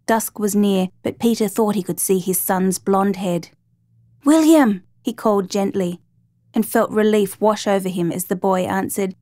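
A woman narrates a scripted story with a measured, dramatic delivery. Her voice sits in a middle pitch. The recording is dry and close. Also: darkish tone, dry recording.

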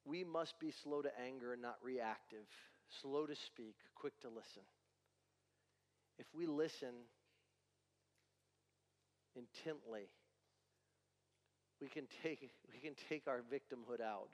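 A man's voice: medium pitch, slow pace, long pauses, long reverb tail. A male pastor delivering a sermon with emphatic preaching and repeated rhetorical questions.

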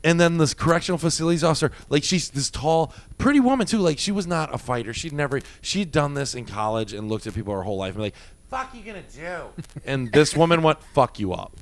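Brief: profane, animated man telling bar stories, fond of voicing other people's lines. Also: a little high, quick pace, hardly any pauses. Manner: animated, profane, acts out quotes with loud jumps. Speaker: former bouncer telling stories. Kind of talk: casual storytelling chat.

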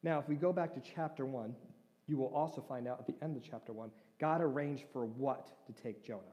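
Mellow-voiced man preaching in a reverberant hall. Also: mid-range voice, a little fast. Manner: conversational, asks listeners questions. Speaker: pastor. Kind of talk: sermon. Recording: long reverb of a large hall.

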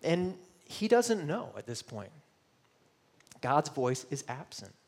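A man's voice: a little high, sing-song, slow pace. A middle-aged man from Michigan preaching a sermon, earnest and personal, voicing searching questions and at times close to tears. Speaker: pastor.

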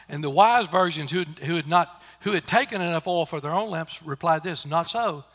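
A man preaching a sermon, swinging between loud emphatic lines and hushed low ones. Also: brisk. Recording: reverberant church hall.

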